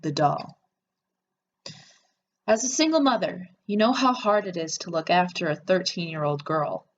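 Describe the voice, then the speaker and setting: A woman's voice: on the low side, animated, moderate pace, muffled recording, slight background noise. Woman reading a story game aloud. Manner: chatty, with sarcastic asides. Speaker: player reading an interactive story.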